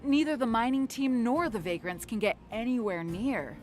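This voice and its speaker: A woman's voice: fairly high pitch, lively intonation, moderate pace, darkish tone, soft background music, lightly acted. An actress playing a shaken, injured young woman miner in a video game, flustered and stammering.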